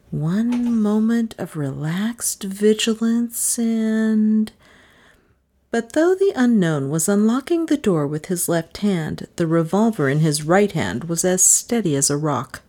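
A woman narrating an audiobook in a measured, even storytelling manner. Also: low voice.

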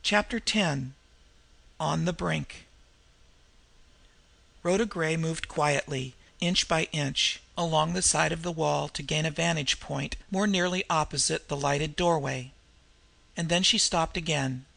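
Gravelly, bright-voiced male narrator. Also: on the high side, a little slow. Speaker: audiobook narrator. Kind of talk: scripted narration.

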